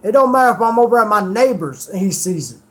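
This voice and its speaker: A man's voice: high-pitched, lively intonation, quick pace, a bit bright. A man streamer telling rambling stories in casual chat, swearing freely.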